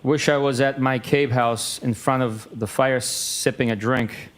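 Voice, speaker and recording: A man reading an exchange of text messages aloud in a flat, matter-of-fact way. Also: medium pitch, a little slow.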